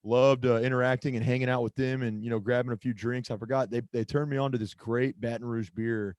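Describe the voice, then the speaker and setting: A man co-hosts a casual sports podcast, rambling, interrupting himself, and often pausing to hunt for a name or losing his train of thought. His voice is medium-pitched and darkish with fairly even intonation, he talks fast, and there's no room sound.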